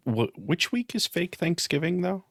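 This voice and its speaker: A man's voice: a little high, sing-song, moderate pace, vocal fry, fairly bright tone, dry recording, studio quality. A man co-hosting a livestream, chatting casually in a wry, hesitant way with stammered restarts. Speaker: co-host on the stream.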